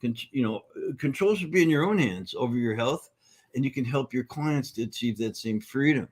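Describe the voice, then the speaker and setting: A middle-aged man with a mid-pitched voice, cheery and lively as he tells his stories. He talks in a relaxed, conversational interview style. He often slips into the voices of the people he is quoting. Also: moderate pace. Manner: upbeat, animated storyteller who acts out quotes. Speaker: nutrition course founder and teacher. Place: conference event.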